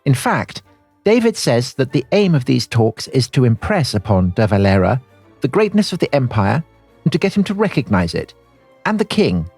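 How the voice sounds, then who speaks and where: A man voicing a prim young woman secretary reading her diary aloud, in a put-on Clapham English accent with a lilting, raised pitch. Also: big pitch swings, normal speed, a little mellow, breathy edge, no room sound, faint music behind. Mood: fervent.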